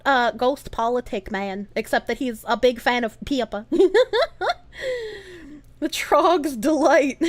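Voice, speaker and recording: A high-pitched woman streaming live, chatting casually with her viewers and reading their comments out loud. She swoops all over her range, breaks into giggles and swears freely. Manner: animated, giggly, swears freely, reads chat aloud.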